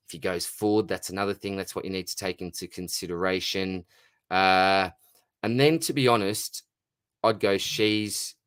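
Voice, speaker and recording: Laid-back Australian man, low and dry. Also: no echo. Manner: laid-back, calls everyone mate, reads out viewer names and questions. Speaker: fantasy football livestream host. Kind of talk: casual live Q&A.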